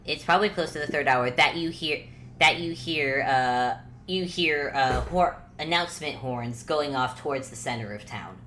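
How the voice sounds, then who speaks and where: Low-voiced woman running a tabletop game. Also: normal speed, a bit bright, slight background noise. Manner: laid-back, hesitant narration. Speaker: game master. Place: at home.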